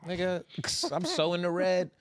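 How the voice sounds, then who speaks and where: A young man talks fast and loose on a podcast, swearing and slipping into the characters' voices. His voice sits a bit high, and the sound is dry and close. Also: clean tone, no room sound. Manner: animated, profane, acts out quotes. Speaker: podcast co-host. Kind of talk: casual recap chat.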